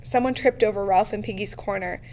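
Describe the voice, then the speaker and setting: Woman reading a book aloud, steady and even, middle pitch. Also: brisk, slight background noise. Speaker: reader.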